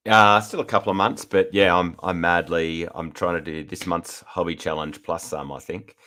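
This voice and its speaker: Australian man, very low voice, husky from a cold, easygoing casual chat. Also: steady tone, moderate pace, bright, forceful tone. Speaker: podcast co-host.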